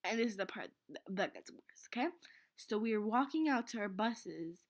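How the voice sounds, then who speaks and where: A woman's voice: medium pitch, lively intonation, normal speed. Teen girl vlogger, flustered and dramatic, mid-range voice, rambles and whispers. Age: teens. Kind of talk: casual storytelling vlog.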